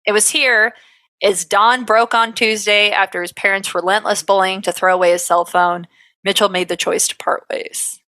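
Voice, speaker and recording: Bright-voiced woman reading case notes. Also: medium pitch, steady tone, normal speed, no echo. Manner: reads from notes with fillers and laughs. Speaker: podcast co-host. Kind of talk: reading case notes aloud, casual chat.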